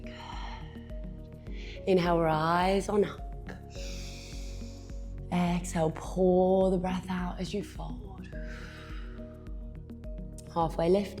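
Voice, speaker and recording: A woman instructor guiding a yoga class with calm, encouraging cues while she moves, a bit out of breath, sometimes dropping to a whisper. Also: on the low side.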